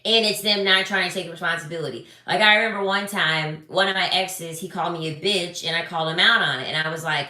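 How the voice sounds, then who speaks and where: A young woman talks blunt and sassy, with a bright, forceful edge and a slightly low voice. She is recorded in a roomy, echoey space. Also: fast, few pauses. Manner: blunt, animated, sassy, swears freely. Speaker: relationship advice creator. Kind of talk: casual commentary to camera. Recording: echoey room.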